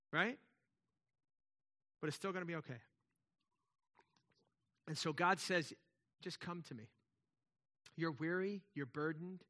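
Male pastor, sermon, bright tense tone, fairly high voice, conversational with emphatic swells. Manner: conversational preaching, emphatic swells, many restarts.

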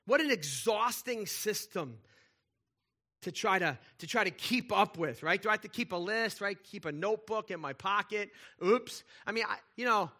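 A man preaching a sermon as pastor, conversational and animated, with playful asides and frequent check-ins with the congregation. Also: sits high, normal speed.

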